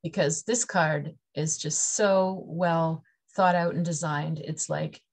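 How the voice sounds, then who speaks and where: A woman's voice: deep voice, steady tone, takes it slowly, breathy edge. A middle-aged woman from Canada giving a chatty, playful tarot reading to camera, laughing often between her points. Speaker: tarot reader.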